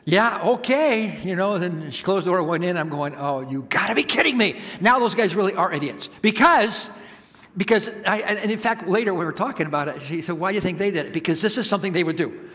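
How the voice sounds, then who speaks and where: A man preaching a sermon, telling a self-mocking personal story with drawn-out emphasis. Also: high-pitched, a bit bright. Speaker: pastor. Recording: long hall reverb.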